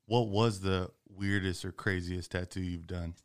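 A man's voice: low-pitched, steady tone, measured pace. A man hosting a casual interview, asking questions in a loose, slangy way. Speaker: podcast host.

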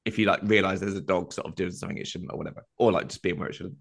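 A man's voice: low-pitched, steady tone, racing, gravelly, a bit bright. A man co-hosting a comedy podcast, telling a meandering anecdote in casual chat, full of fillers.

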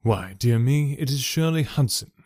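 A man voicing an older country gentleman host, hearty but guarded, in a storybook reading. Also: medium pitch, expressive, normal speed, dry recording, clean studio sound, natural voice. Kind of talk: audiobook character voice.

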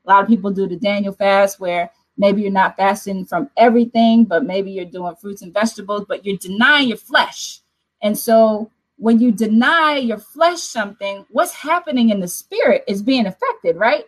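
A woman hosting a midnight prayer watch, preaching in an emphatic, expressive way with lively asides. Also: mid-range voice, moderate pace, low-quality recording. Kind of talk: preaching to an online prayer audience.

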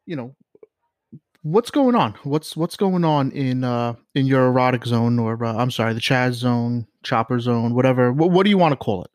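A man as interviewer in an improvised mock interview, asking halting, teasing questions with many fillers. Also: medium pitch, a little mellow, no echo, studio quality.

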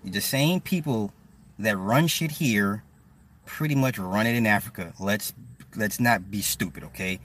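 A man's voice: fairly low pitch, measured pace, a bit bright, far from the mic, slight background noise. Blunt, profane man ranting from a car. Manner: blunt, profane, repeats himself. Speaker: livestream host. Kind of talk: casual livestream rant.

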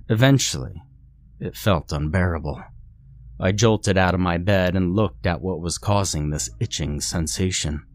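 Deep-voiced man narrating horror. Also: a little mellow. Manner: measured, dramatic storytelling. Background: faint music.

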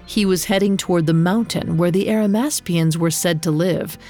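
A woman reading a story aloud in a steady, unhurried manner as its narrator. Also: fairly low pitch, soft background music. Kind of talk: scripted narration.

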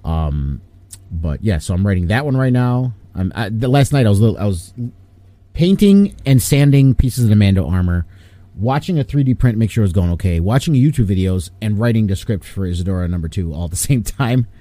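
A man's voice: on the low side, fairly quick, dry recording. An American man, a guest in a casual chat, rambling with many fillers. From United States. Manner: rambling, full of fillers, animated.

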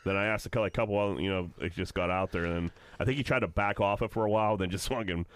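A man's voice: low voice, fast, clear, resonant tone. A man co-hosting a podcast, telling rambling, crude stories in casual banter. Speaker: podcast co-host.

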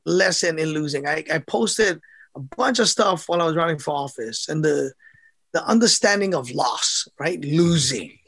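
A middle-aged man tells his stories in a casual interview. His voice sits high and carries a gravelly edge. He talks in an animated way, laughing often and acting out what others said. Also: moderate pace. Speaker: former amateur boxer, guest.

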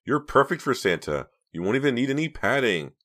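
A man's voice: medium pitch, very animated, a little fast, a bit bright, voice pushed up. A man voicing a spoiled, scheming rich teenage girl in an audiobook, gushing and teasing with mock innocence.

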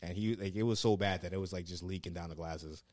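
A man's voice: sits low, fairly even intonation, fast talker, crowd noise. A man telling rambling, profanity-laced stories in casual chat, full of fillers. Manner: laid-back, swears a lot, lots of fillers. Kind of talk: casual storytelling.

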